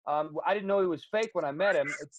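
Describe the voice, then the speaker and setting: A man who does stand-up comedy, chatting casually in an interview and telling rambling, animated stories with fillers. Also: fairly high pitch, fast talker, no echo, low-quality recording.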